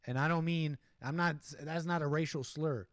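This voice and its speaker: A man hosting a casual livestream, chatting loosely with his viewers and reacting to a video in an animated, rambling way. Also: a little high, moderate pace, no echo, clean studio sound. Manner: animated, rambling, talks to chat, mock-singing asides. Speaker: livestream host. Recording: music playing behind the voice.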